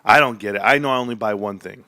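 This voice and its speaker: A man hosting a casual stock market livestream, ranting animatedly and swearing, jumping between loud bursts and low mutters. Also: fast talker, no room sound.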